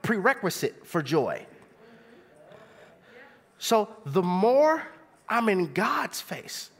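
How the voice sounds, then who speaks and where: Young male preacher, fairly high, very expressive pitch, casual and conversational sermon delivery. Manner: animated, conversational preaching with rhetorical questions.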